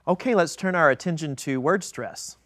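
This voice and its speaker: A man moderating a roundtable as researcher, speaking deliberately and reading quotations aloud with emphasis. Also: on the high side, expressive, fairly bright tone, dry recording, studio quality. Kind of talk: scripted moderation with read quotations. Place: video studio.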